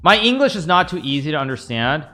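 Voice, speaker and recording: Man, chess streamer, chatty and rambling, lively pitch, faint music behind. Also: quick pace. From United States. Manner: chatty, rambling, talks to chat while playing. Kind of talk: live-stream commentary.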